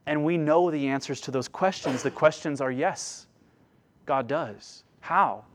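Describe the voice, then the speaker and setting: A man preaching a sermon with passion, swelling loud on key phrases and dropping to a hushed, slow delivery. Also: on the high side. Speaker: pastor.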